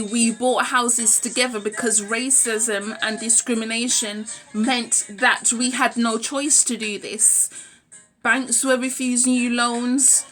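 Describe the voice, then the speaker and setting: Woman vlogger, blunt and outspoken, highish bright voice, faint music underneath. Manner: frank, forthright, blunt. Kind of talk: opinionated talking-to-camera monologue.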